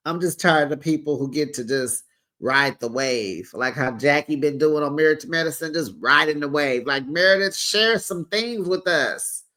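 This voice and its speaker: Animated chatty reality-show recap host. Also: mid-range voice, normal speed. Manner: animated, exclaims and laughs, mimics cast members; colloquial, talks straight to viewers. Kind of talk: casual commentary recap.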